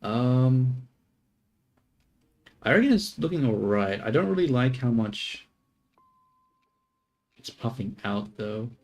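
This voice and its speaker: A man's voice: medium pitch, big pitch swings, slow, pauses often, a little mellow. A young man streaming his 3D modeling work, thinking aloud in casual chatter, trailing off and correcting himself as he goes. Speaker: livestreamer doing 3D modeling.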